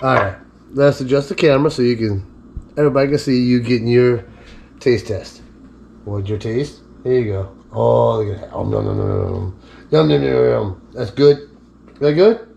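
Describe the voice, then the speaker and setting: A man's voice: mid-range voice, normal speed, gravelly, a little mellow. A man with an ordinary mid-range voice talks his way through a home cooking video in a loose, chatty manner. He stops now and then to talk to his dog, and a faint hiss sits under his voice. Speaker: cooking vlogger. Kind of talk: casual cooking demonstration. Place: home kitchen.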